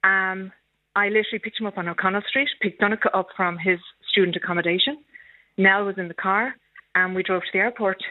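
A middle-aged Irish woman talks warmly and at length as a radio guest, with emotion close to the surface. She comes through a tinny phone line with a dry sound. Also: medium pitch, fairly even intonation, a little fast, no echo. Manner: warm, rambling, emotional. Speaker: guest, mother of an actor. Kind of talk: phone interview.

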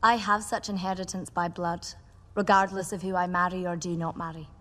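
An actress playing a composed young queen who speaks in a formal, measured way. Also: fairly low pitch, level tone, fairly bright tone, slight background noise, lightly acted. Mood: regal. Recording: reverberant film soundtrack.

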